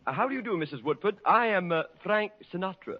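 A nervous, naive young man stammers eagerly in a high, bouncy voice. The old broadcast sound is muffled with a light hiss. This is 1940s radio comedy acting. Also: animated, quick pace.

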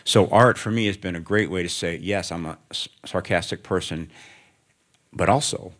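Older Midwestern-born author, very deep voice, musing onstage, wry and anecdotal. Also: male voice, moderate pace. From American Midwest. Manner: reflective, anecdotal, gently humorous. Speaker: author guest. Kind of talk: onstage conversation before an audience.

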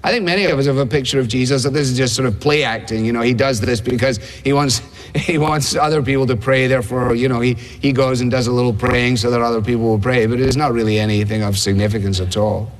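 A man's voice: mid-range voice, steady tone, quick pace. A man preaching a sermon in a conversational way, asking rhetorical questions. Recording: long hall reverb.

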